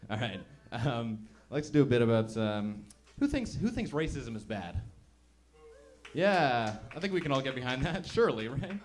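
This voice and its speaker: A man doing stand-up on a club stage, talking in an easy, chatty way at a middle pitch. He mocks himself and keeps slipping into little put-on voices. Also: sing-song, moderate pace. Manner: chatty, self-mocking, acts out voices. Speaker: stand-up comedian. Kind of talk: stand-up comedy set.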